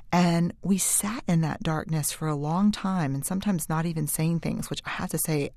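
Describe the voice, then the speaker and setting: A woman in her forties with a low, gravelly voice shares a candid personal story as a researcher giving a talk. She confides in her listeners, sometimes racing ahead and sometimes slowing to a hush. The recording is dry and close. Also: fairly even intonation, no echo. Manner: candid, confiding, shifts between brisk and slow hushed phrases.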